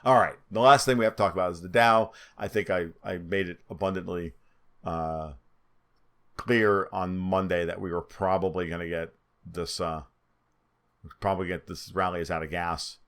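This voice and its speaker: A man's voice: low voice, fairly even intonation, moderate pace, fairly bright tone, clean tone. A man with a New York accent and a nasal voice, talking through market charts in a twitchy, off-the-cuff way. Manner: twitchy, spitballing, restarts often. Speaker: market commentator. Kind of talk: solo market analysis over charts.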